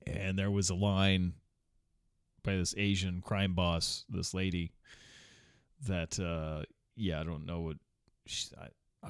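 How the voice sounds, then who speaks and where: A man in his forties rambles through a casual chat, full of fillers, restarts and the odd curse. His voice sits on the low side, and the recording is close and dry with no room sound. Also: no echo. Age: 40s. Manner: meandering, many fillers and restarts, swears and chuckles.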